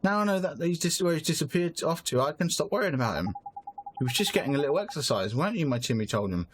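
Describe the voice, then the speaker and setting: A man voicing a kindly older woman shopkeeper who fusses and dotes gently. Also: on the high side, big pitch swings, fast talker, a little hiss or hum. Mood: fussing. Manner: doting, fussing, gentle.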